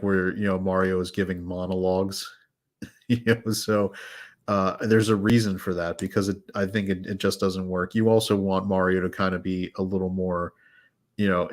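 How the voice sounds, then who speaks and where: Man, very deep voice, flat and even delivery, rambling casual chat, lots of fillers and restarts. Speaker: podcast host. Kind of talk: casual chat reviewing films.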